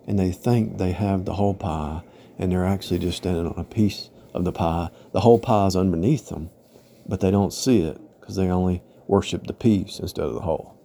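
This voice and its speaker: Man, lowish dark mellow voice, loose conversational preacher, drifts through long parables, lots of repetition. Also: a little fast, creaky, slight background noise. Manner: rambling, repetitive, parable-style with frequent "right?" and "you know?". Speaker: religious teacher. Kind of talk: informal spiritual teaching monologue.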